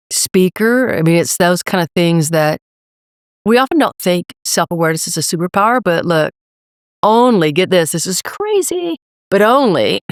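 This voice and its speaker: A woman's voice: on the low side, vocal fry, dry recording, studio quality. Emphatic middle-aged woman, motivational coach. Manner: emphatic, energetic motivational speaker. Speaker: leadership coach and guest. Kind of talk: podcast interview.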